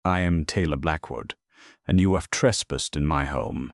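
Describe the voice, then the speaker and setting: Male narrator doing a steely frontier woman: cold, measured, dry close sound. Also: a bass voice, gravelly, no room sound. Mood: defiant. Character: steely young frontier woman, calm and deadly.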